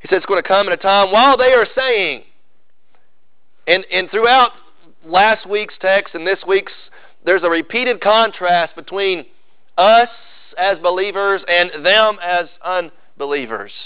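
A pastor with a drawl delivers his sermon in a fairly high, smooth and resonant voice. He swings from ringing emphasis to hushed, drawn-out lines. The sound is dry and a little dull. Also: no echo. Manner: preaching with sudden swings between loud emphasis and hushed intensity.

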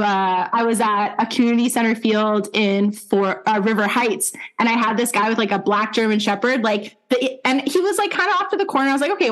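A young adult woman, a dog trainer, telling stories in casual podcast chat, animated, swearing freely and using lots of fillers. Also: a little high.

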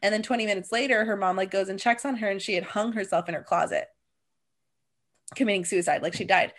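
A woman's voice: medium pitch, fast. Chatty young woman telling stories. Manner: chatty storyteller, heavy use of "like". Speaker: podcast co-host. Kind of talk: casual chat.

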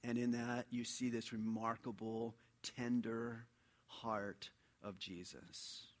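A man preaching a sermon in an animated storytelling way, dropping to a hush and then rising loud. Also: mid-range voice, slow. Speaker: pastor.

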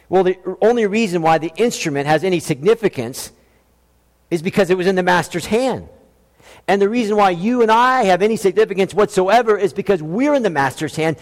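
Emphatic high-voiced male preacher. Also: long reverb tail. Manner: emphatic, slows down to stress key phrases. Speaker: pastor. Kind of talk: sermon.

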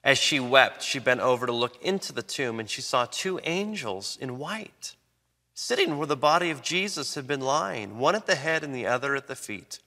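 A man preaching a sermon, reading scripture and then explaining it with emphatic swings in pitch and loudness. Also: expressive, normal speed. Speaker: pastor. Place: church sanctuary. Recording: long reverb of a large hall.

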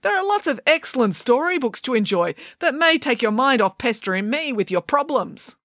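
A woman's voice: sits high, sing-song, normal speed, fairly bright tone, no echo, studio quality, pitched above the performer's own voice. A woman voicing a stern, haughty older queen in a storybook reading, scolding in an imperious manner.

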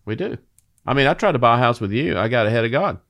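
A man's voice: mid-range voice, lively intonation, fast talker, fairly bright tone. A man hosting a casual faith conversation who jokes with his guest and then slips into preaching. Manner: playful questioner who turns to preaching. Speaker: host.

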